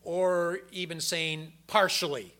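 An older man preaching a sermon in a folksy, conversational way, telling personal stories, with a gravelly voice. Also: a little high, steady tone, slow pace, bright, forceful tone.

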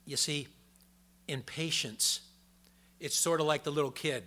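An older man preaching a sermon in a folksy, conversational way, telling personal stories, with a gravelly voice. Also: a little high, unhurried, sharp tone.

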